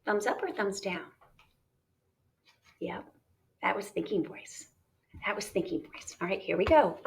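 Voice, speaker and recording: A woman teacher talking students through a reading lesson, chatty and animated, modeling her thoughts aloud. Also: medium pitch, a little slow, creaky. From United States.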